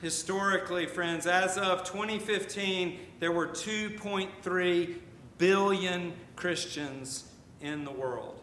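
A man's voice: takes it slowly, fairly bright tone. An older man, a pastor, preaching a sermon in a conversational way with asides and emphatic repetition. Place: church sanctuary. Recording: echoey church room with faint rumble.

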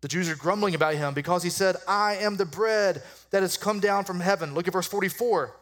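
A middle-aged man preaching a sermon in a conversational, humorous way, slowing down to stress key lines. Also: high-pitched, a bit bright. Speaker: pastor.

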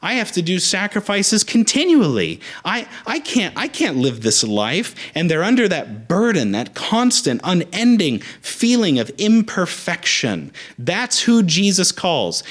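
With a high voice, this young adult man delivers a sermon as a pastor. His preaching is animated and emphatic, built around repeated rallying phrases.

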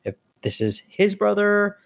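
A man's voice: high voice, very animated, unhurried, creaky, dry recording. A man appearing as a podcast guest, chatting casually about comics in a loose way, with lots of fillers and some swearing.

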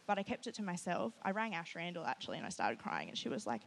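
Animated woman telling a church testimony. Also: mid-range voice, very fast, creaky, hardly any pauses. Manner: animated storytelling, often quoting herself with "I was like"; nervous and laughing at times. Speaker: testimony speaker at a church gathering. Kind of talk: personal testimony to a live group.

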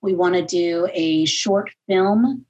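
A woman's voice: lowish voice, slow pace, crowd noise, rough recording. A woman comedian talking casually about her start in comedy, laughing often as she speaks. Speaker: guest comedian. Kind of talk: casual conversation.

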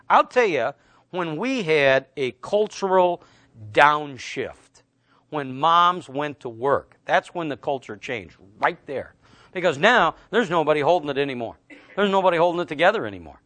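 A man's voice: a little high, expressive, moderate pace, bright, forceful tone, no room sound. A middle-aged male pastor delivering a sermon with emphatic, conversational storytelling.

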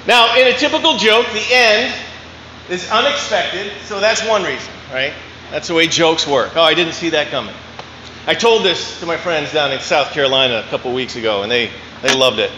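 A man's voice: on the high side, moderate pace, bright, forceful tone, slight background noise. A man preaching a sermon in a large church, telling a joke in a folksy, chuckling storytelling manner. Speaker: pastor. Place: church in Maine, large indoor hall. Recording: echoey church hall, dull sound.

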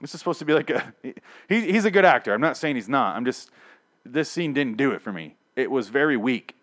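A man casually recapping a TV episode in a rambling, profane, animated way. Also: mid-range voice, a little fast. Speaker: TV show recapper.

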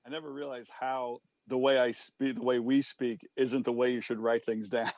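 A man with a New York accent, a band's singer, chatting as a guest in an interview and telling stories with quick asides and laughs. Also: mid-range voice, noisy background. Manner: animated storyteller, quick asides, frequent laughs. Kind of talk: casual interview chat.

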